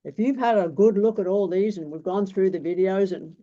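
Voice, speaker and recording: This tarot teacher, an Australian man in his 60s, talks casually in a blunt, rambling manner and swears freely. He has a high, mellow voice at a normal speed, captured in a dull lo-fi recording.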